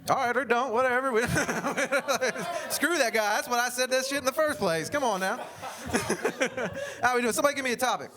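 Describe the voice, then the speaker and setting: A man's voice: very high-pitched, moderate pace, background noise. A man from Oklahoma hosting a comedy show at a winery, bantering loosely with the audience between comedians. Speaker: host. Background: audience laughter.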